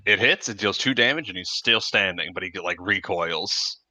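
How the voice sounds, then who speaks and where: A man running a tabletop game as game master, narrating in a measured way with many fillers. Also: low-pitched, bright, forceful tone, no room sound.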